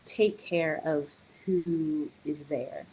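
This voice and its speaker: A middle-aged woman and early childhood educator, chatting on a podcast in an animated way with joking asides. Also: low-pitched, very slow, a little hiss or hum, poor audio. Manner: animated, joking asides, quotes others in raised voice. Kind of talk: casual podcast conversation.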